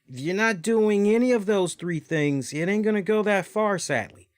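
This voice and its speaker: A man hosting a casual solo wrestling review, rambling and animated, with lots of fillers and asides. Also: high-pitched, moderate pace, smooth, no echo, clean studio sound. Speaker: wrestling show host.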